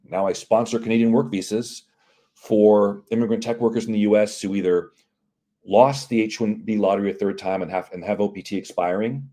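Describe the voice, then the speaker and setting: Low, mellow-voiced man telling a story. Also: brisk. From United States. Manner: animated, acts out dialogue with quoted voices. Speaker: CEO of immigration and employment firm, guest. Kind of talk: casual interview storytelling.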